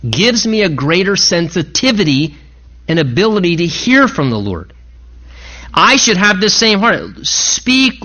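A middle-aged man preaching a sermon, earnestly quoting scripture with dramatic pauses. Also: sits high, sharp tone, lo-fi sound. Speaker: pastor.

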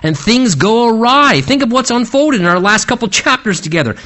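A man delivers a sermon in a high, lively voice that rises and falls widely. He retells the story dramatically and keeps turning to his listeners with rhetorical questions. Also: normal speed. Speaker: preacher. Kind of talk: expository sermon.

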